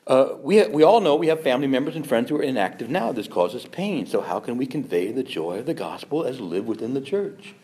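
A man giving a Catholic parish talk, animated and humorous, firing rhetorical questions at the audience and acting out the objections people raise. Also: medium pitch, fairly quick, hardly any pauses, a little hiss or hum. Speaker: Catholic speaker.

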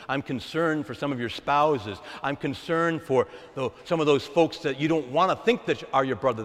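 A man preaching a sermon as a pastor, calling out to the congregation in an animated, call-and-response way. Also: mid-range voice. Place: large church. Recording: echoey church hall with long reverb.

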